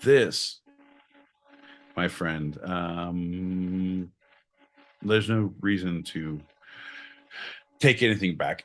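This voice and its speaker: A man co-hosting a live podcast from Southern California, profane, loud and given to laughing and theatrical outbursts. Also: low voice, drawn-out words, long pauses. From United States. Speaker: podcast co-host. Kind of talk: casual live podcast banter.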